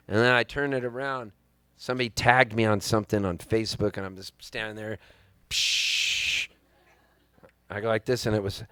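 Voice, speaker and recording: A man in his fifties, his voice in a middle register, spins a rambling, wry story for a live crowd. He talks into a stage mic with animated comic timing, and the sound is dry and close. His pace swings between unhurried pauses and quick asides. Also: mid-range voice, clean tone, dry recording. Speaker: singer-songwriter telling a story on stage. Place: live music venue on stage.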